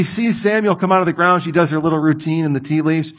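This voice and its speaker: A man preaching a sermon, reading a passage and acting out the people in it with lively commentary. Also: on the high side, fast, hardly any pauses. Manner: animated, acts out voices of the people in the story. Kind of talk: expository sermon.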